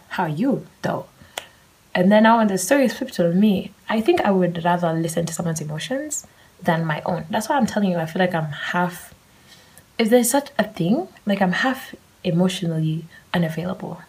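On her own podcast, a young host speaks frankly and wanders from thought to thought, dropping casual swear words along the way. She sounds husky and a little mellow at a fairly low pitch, captured on a low-quality recording.

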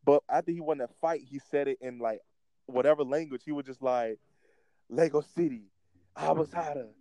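A young man co-hosting a casual wrestling chat, talking in an animated, rambling way with restarts. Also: medium pitch, fairly quick, smooth, dry recording, rough recording. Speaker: podcast co-host.

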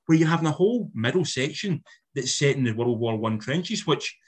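Husky man picking apart a film. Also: mid-range voice, expressive, a little fast. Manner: analytical, long-winded critique with sweary asides. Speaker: film podcast co-host. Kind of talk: casual film review chat.

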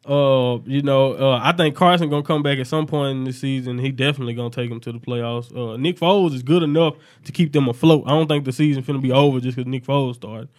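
A man giving confident, animated sports picks in a casual group chat. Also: medium pitch. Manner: confident, animated, quick-talking. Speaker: sports pundit.

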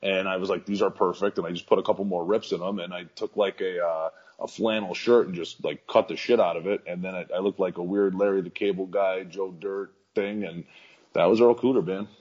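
A man with a very low, husky voice chats casually as an interview guest. He rambles along in a laid-back way, full of fillers and restarts. The audio comes through slightly muffled and lo-fi. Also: steady tone, brisk, darkish tone. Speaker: professional wrestler guest.

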